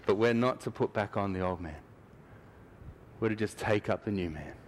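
A man's voice: on the low side, moderate pace, slight background noise. A man preaching a sermon in church, talking conversationally and acting out little scenes.

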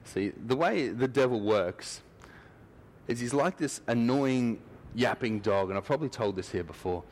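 A man's voice: medium pitch, expressive, moderate pace, a little mellow. A man preaching a sermon in church, talking conversationally and acting out little scenes.

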